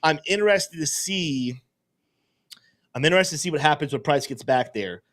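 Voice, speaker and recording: A man's voice: on the high side, lively intonation, normal speed, a bit bright. A man hosting a casual livestream, thinking aloud and rambling as he works through things. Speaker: host and trader.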